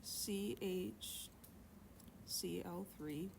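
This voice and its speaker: Gravelly yet a little mellow, her lowish voice draws out words against slight background noise. The middle-aged woman is teaching chemistry, keeping it chatty and jokey while questioning her class.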